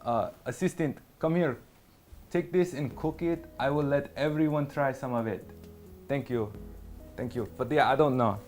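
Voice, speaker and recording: Bumbling foreign chef, played by a man, put-on accent, hesitant broken English, mid-pitched. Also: moderate pace, a little mellow, faint music behind, lightly acted. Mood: unsure. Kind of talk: comedy sketch acting.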